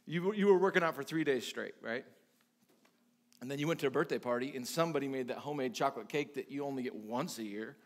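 A man's voice: sits high, a bit bright. A male pastor preaching a sermon in a conversational way, with lots of restarts and sudden emphatic bursts.

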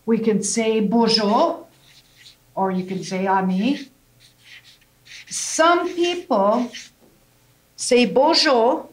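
A woman language teacher, explaining slowly and patiently and often checking in with "okay?". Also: on the low side, rough recording. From Canada. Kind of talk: language lesson.

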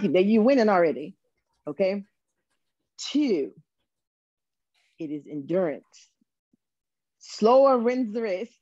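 A woman's voice: medium pitch, dry recording. Frank, chatty woman, dull lo-fi sound. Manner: frank, animated storyteller with many fillers. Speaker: interview guest. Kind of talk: casual interview chat. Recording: dull lo-fi recording.

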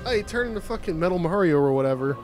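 A man's voice: sits high, expressive, fast, over music. A man giving sardonic, profane commentary while playing a video game. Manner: sardonic, profane, mumbling asides. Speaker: gameplay streamer. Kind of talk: casual gameplay commentary.

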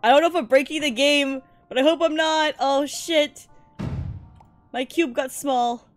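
Faint music sits behind a woman's high-pitched, measured commentary as she plays a game live on stream. She chats in a jokey, excitable way, laughs a lot and yelps when something spooks her.

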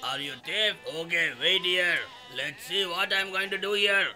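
A man's voice: sits high, normal speed, bright, forceful tone, soft background music. A man dubbing a rude, suspicious buyer who scorns a seller's prices. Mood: scornful. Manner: brusque and scornful. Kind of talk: dubbed film dialogue.

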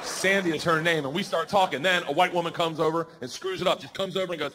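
A man doing a stand-up comedy set on stage, telling crude stories loudly and slipping into squealing voices. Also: a little high, very fast, hardly any pauses, noisy background. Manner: loud, rowdy storytelling with crude jokes and squealing put-on voices. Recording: live venue with crowd laughter.

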